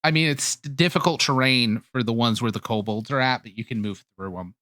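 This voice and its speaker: Laid-back male game master, bright tone. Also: mid-range voice, fairly quick, no room sound, studio quality. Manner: relaxed, filler-heavy rules talk. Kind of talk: running a tabletop game.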